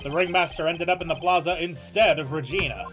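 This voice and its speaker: A man's voice: fairly high pitch, a little fast, fairly bright tone, lightly acted. A man doing a formal young defense lawyer. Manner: stiff, formal courtroom delivery. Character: young male defense attorney, confident and formal. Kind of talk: fan voice reading of a game. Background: game music.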